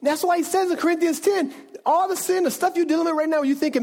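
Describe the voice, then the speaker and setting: A man's voice: very high voice, brisk, darkish tone. A man preaching a sermon as a pastor, talking conversationally with frequent restarts and asides to the congregation.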